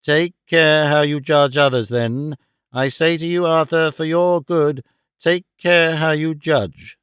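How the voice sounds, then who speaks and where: A male audiobook reader voicing a stern, cold older mother who speaks in a severe, measured and reproachful way. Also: a little high, fairly bright tone, clear, resonant tone, no echo, studio quality, close to an everyday voice. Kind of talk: audiobook character voice.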